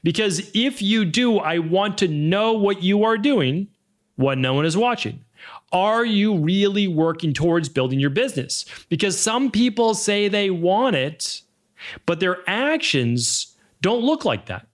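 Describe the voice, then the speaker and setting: A man's voice: sits high, measured pace. Upbeat Boston-accented man hosting a podcast. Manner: energetic, motivational, stretches words for emphasis. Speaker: podcast host. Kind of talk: solo podcast monologue.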